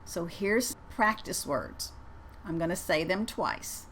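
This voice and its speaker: A woman coaching English pronunciation at a very slow, deliberate pace. She over-enunciates every practice word and says each one twice, so learners can repeat after her. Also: medium pitch, expressive, fairly bright tone.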